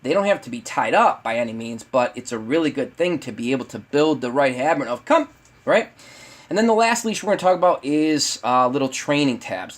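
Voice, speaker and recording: A man teaching a dog training webinar in a casual way, talking straight to viewers with many fillers and restarts. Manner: acts out lively owner voices in high pitch.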